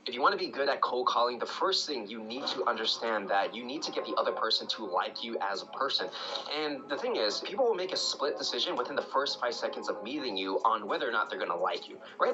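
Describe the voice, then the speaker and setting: A man's voice: mid-range voice, sing-song, fast, muffled recording, crowd noise. A man teaching cold-calling techniques in a casual, coaching tone, often checking in with "right?" and acting out sample phone calls. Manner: conversational, coaching, frequent "right?". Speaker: sales trainer. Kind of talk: YouTube sales tutorial.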